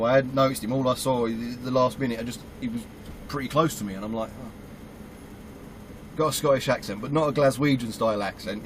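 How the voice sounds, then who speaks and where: A British man, a truck driver, telling a story about his work in a casual, animated way and acting out his own reactions. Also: medium pitch, slight background noise, poor audio. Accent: British English. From United Kingdom.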